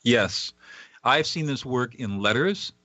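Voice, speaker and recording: A man's voice: mid-range voice, expressive, takes it slowly, bright, forceful tone, no room sound, lo-fi sound. A man, a guest author on a radio interview, explaining a method earnestly and at times acting out example dialogue.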